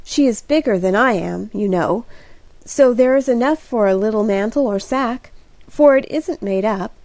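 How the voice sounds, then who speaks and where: A woman's voice: on the high side, moderate pace, a little mellow, dry recording, lightly acted. A woman voicing an eager, impulsive young woman in an audiobook reading, speaking in a breathless, gushing and emphatic way. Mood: excited.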